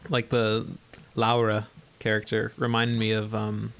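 Gravelly-voiced man in casual film chat. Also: on the low side, completely flat delivery, unhurried, fairly bright tone, a little hiss or hum. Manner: rambling, filler-heavy, laughs often. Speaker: podcast co-host.

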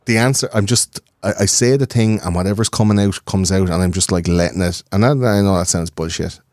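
A man in his thirties, a podcast guest, talking in a rambling, profane, animated way. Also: sits low, brisk, no room sound, studio quality. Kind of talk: casual conversation.

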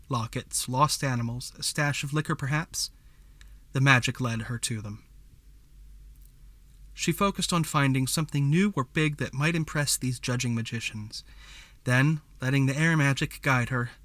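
A man narrating a fantasy story as a scripted audiobook reading, in a measured storytelling manner. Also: medium pitch, fairly bright tone, dry recording.

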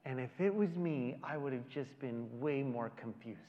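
A middle-aged male pastor preaching a conversational sermon in a church, with dramatic pauses. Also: mid-range voice. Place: large church hall. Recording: dull audio with long hall reverb.

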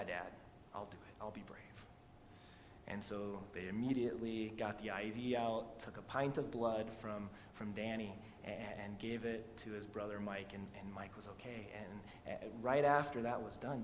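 A man preaching a sermon as pastor, moving from loud emphatic passages to quiet storytelling. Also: fairly even intonation, moderate pace, few pauses. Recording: long hall reverb with faint rumble.

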